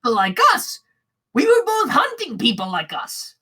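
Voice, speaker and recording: Small fawning kobold bard, woman doing the voice, bright and sing-song, tripping over words. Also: a little high, wildly swooping pitch, measured pace, husky, heavily acted, rough recording. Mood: wheedling. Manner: stammering, eager and wheedling.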